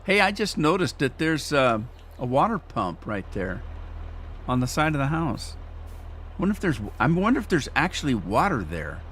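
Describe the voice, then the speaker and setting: A man's voice: a little high, sing-song, normal speed, fairly bright tone, a little hiss or hum. A man chatting casually as he plays a farming game on a live stream, rambling and teasing himself as he goes. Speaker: gaming streamer. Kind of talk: casual gameplay commentary.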